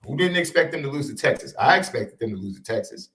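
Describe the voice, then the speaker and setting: A man's voice: mid-range voice, quick pace. A man co-hosting a sports podcast in casual chat, emphatic and repeating his points. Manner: animated, emphatic repetition. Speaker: podcast co-host.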